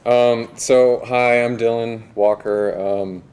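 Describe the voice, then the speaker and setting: A man's voice: medium pitch, fairly even intonation, slow pace, a little mellow, clean tone. A young man introducing himself before reading his writing, hesitant and self-deprecating with many fillers. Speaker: writer reading at a release party. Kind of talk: casual remarks before a reading.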